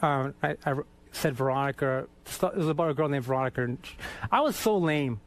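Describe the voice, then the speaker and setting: A man from Boston, a guest in a radio studio, telling profane, animated stories with laughter. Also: medium pitch, quick pace. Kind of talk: casual storytelling interview.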